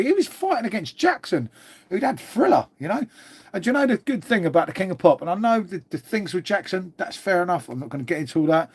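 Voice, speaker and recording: Very animated and brisk, his voice a little high, husky, and slightly mellow, a livestream host from Old Windsor, England, chats through viewer comments. He swears freely, calls everyone mate, has a London-area accent, and is congested with a cold.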